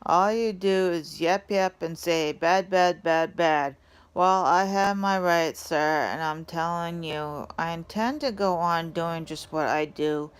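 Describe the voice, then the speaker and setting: A woman playing a greedy male factory owner who yells back defiantly in a storybook reading. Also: on the low side, clean tone. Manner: yelling, fast and defiant.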